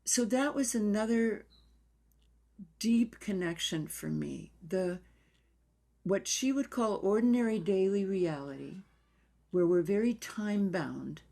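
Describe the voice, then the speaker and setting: An older woman dance therapist telling stories in an interview in a reflective, unhurried way, sometimes dropping to a near whisper. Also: mid-range voice, vocal fry, mellow.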